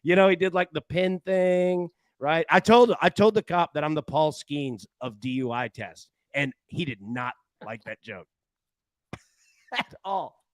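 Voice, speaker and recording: A man hosting a sports betting show in casual chat, an animated, rambling storyteller who often restarts his sentences. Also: a little high, a little slow, no echo. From Tennessee.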